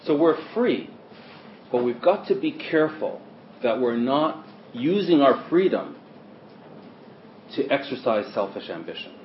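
A man's voice: mid-range voice, very animated, measured pace, pauses often, a little hiss or hum. Emphatic male preacher in a roomy hall. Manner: emphatic, swings between loud stresses and quiet asides. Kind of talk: sermon. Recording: roomy, dull lo-fi sermon recording.

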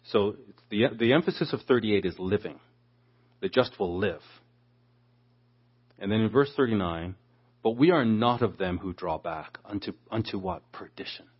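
Male preacher, low husky voice, teaches scripture and voices the quotes, muffled lo-fi recording. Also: normal speed, pauses often. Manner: expository, acts out quoted speakers. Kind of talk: Bible teaching. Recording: dull lo-fi sound.

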